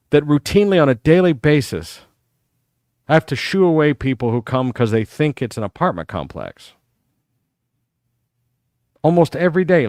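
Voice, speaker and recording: A middle-aged American man with a fairly high, clean voice hosts a live talk show, recorded at studio quality with no echo. He tells rambling, animated stories in a live-stream monologue, acting out other people's lines as he goes.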